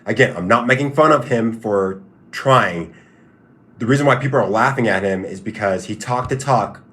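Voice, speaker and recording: A man's voice: medium pitch, moderate pace, a bit bright. A man hosting a casual livestream who answers chat questions in a repetitive, stop-start, emphatic way. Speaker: livestream host and fighter.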